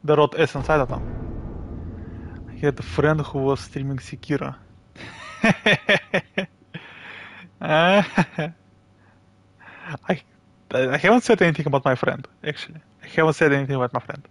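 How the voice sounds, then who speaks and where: A man with a Russian accent chatting casually and haltingly with viewers while streaming a game. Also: a little high, a bit bright, no echo. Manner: chatty, halting, reads chat aloud and laughs often. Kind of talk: live game stream chat.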